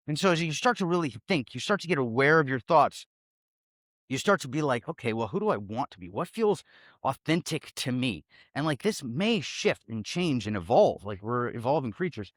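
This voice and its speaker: A man's voice: a little high, fairly bright tone, no room sound, clean studio sound. A man giving a casual motivational monologue, profane and emphatic, rambling with many fillers. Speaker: self-help speaker.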